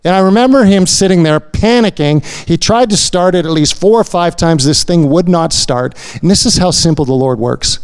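A man addresses his congregation in a smooth, resonant voice set a little high for a man. He talks conversationally and keeps checking in with the room through little "you know"s and "right?"s. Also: normal speed, hardly any pauses. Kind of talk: sermon-style testimony.

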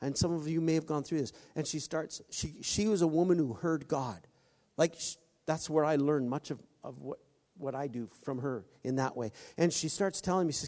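A man preaching a sermon, halting often with restarts and acting out quoted voices. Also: a little high, a little mellow. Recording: long hall reverb.

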